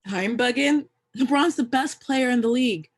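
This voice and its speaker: A woman's voice: a little high, moderate pace, lightly acted. A woman playing a playful, teasing young woman arguing basketball, read over a video call. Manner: teasing, showy.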